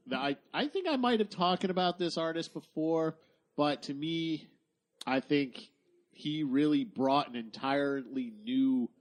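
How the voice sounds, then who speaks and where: A man co-hosting a podcast in casual chat, laid-back and often trailing off while he searches for words. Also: mid-range voice. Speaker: podcast co-host.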